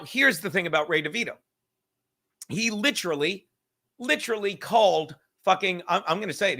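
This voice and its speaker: A young man hosts a casual podcast, ranting, rambling and swearing nonstop while he fiddles with his laptop and a cigar. His voice is high-pitched, pushed and bright.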